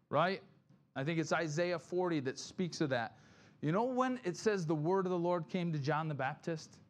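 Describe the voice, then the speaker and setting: A male pastor preaching a sermon in a conversational way, often checking in with "right?" and acting out Bible figures in quick quoted lines. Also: on the high side.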